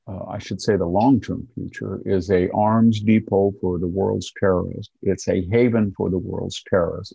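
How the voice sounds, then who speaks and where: Gravelly, dark-toned man in his sixties. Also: on the low side, no room sound, muffled recording. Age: 60s. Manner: sardonic, mocks opponents in quoted voices. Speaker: guest commentator. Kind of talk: political commentary interview.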